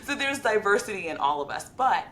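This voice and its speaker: A woman's voice: medium pitch, sing-song, a little fast, fairly bright tone, a little hiss or hum. A woman hosting a podcast interview, reflective and conversational, often checking in with "right?". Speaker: podcast host, veterinarian.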